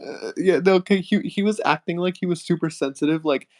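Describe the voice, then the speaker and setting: A man's voice: high-pitched, a little fast. A young man chatting casually with a friend on stream, rambling through a story and giggling often.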